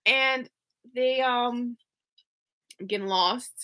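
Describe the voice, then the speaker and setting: Young woman, co-host, giggly, chatty, casual recap, crisp bright tone. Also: a little high, takes it slowly. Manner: giggly, chatty, reads out viewer questions.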